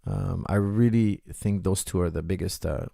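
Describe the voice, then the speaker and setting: Gravelly middle-aged coach guy chatting to his viewers, dry close sound, fast stories full of "like" and "you know". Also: sits low, no echo. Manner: animated storytelling, acts out quotes, many fillers. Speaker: coach answering viewer questions. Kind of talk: casual livestream Q&A.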